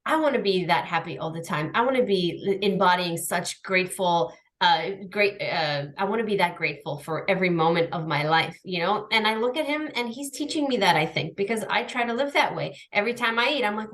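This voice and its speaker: A woman talking casually on a podcast over a video call. She is animated and likes to act out little scenes, jumping up into playful voices when she quotes herself talking to her dogs. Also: medium pitch, brisk. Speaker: podcast guest. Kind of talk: casual chat.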